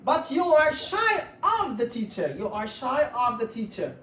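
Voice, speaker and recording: A woman's voice: on the high side, sing-song, unhurried, reverberant, distant mic. A woman teaching an English grammar lesson, patiently repeating words to drill the stress.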